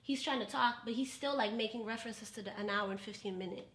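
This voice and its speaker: A woman's voice: a little high, fast talker, a bit bright, roomy sound. A woman telling a dating story on a podcast, profane and dramatic, acting out the voices of the people in it. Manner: profane, dramatic, acts out quotes. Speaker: podcast guest. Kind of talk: animated storytelling.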